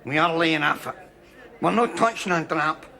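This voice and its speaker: An actor playing a meek, superstitious Scottish drinking buddy in a TV sitcom, fussy and boastful in manner. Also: male voice, a little high, animated, normal speed, gravelly, bright, forceful tone, full character voice. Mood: protesting. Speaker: drinking pal Jamesy. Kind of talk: TV sitcom acting.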